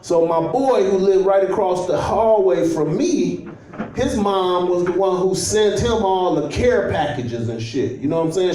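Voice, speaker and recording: A man's voice: fairly high pitch, warm tone. A young man from Chicago doing a loose, storytelling stand-up set, laughing at his own jokes and trash-talking. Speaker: stand-up comedian. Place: comedy club stage at a holiday party. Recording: echoey club audio from far off. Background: audience laughter.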